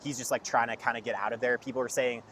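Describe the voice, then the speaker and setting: Young guy rambling thru a story, says like a lot, mid-pitched voice, faint traffic outside. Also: little pitch movement, fast talker, a bit bright. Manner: rambling storyteller, heavy use of "like". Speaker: podcast guest. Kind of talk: casual chat.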